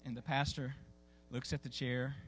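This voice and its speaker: A man's voice: mid-range voice, level tone, moderate pace, slight background noise. A man preaching a sermon, telling a story in a folksy, conversational way with many fillers and restarts. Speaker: pastor. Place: church sanctuary.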